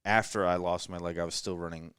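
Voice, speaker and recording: A man's voice: low voice, steady tone, fast, fairly bright tone, clean tone, dry recording, studio quality. A man in his thirties telling self-deprecating stories in a casual late-night chat at a rental house. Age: 30s. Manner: self-deprecating storyteller, joking. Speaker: podcast guest shooter. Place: rental house living room.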